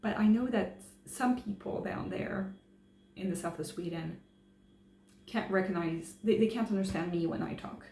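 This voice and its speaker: A travel vlogger talks casually to the camera, hesitant and full of fillers and restarts. Her medium-pitched voice is creaky and mellow, moving at a moderate pace. The recording has a roomy echo and a faint hum.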